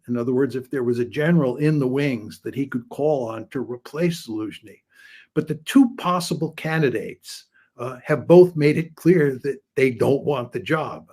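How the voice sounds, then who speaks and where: An older man, a political science professor, answering interview questions in a measured, explanatory way with frequent filler pauses. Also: medium pitch, darkish tone, breathy edge.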